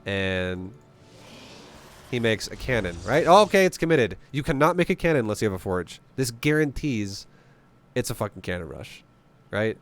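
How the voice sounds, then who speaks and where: A man's voice: fairly low pitch, sing-song, normal speed, faint music behind. A man giving casual, profane gameplay commentary, blunt and joking as he explains strategy. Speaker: game commentator.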